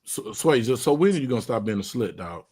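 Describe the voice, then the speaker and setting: A man hosting a live stream chat with a friend, teasing and joking in slang with sudden loud bursts. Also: mid-range voice, very animated, quick pace, breathy edge. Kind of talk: casual banter on a live stream.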